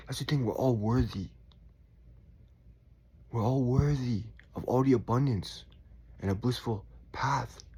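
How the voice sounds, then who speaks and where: Soft-spoken husky man, reflective. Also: medium pitch. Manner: calm, soft-spoken, with sighs and quiet asides. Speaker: spiritual vlogger. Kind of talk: casual reflective monologue.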